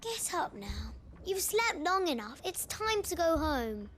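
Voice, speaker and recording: A woman's voice: extremely high pitch, very animated, a little slow, fairly bright tone, slight background noise, exaggerated voice. An actress voicing a spoiled, petulant little village girl in a video game. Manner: whiny, petulant.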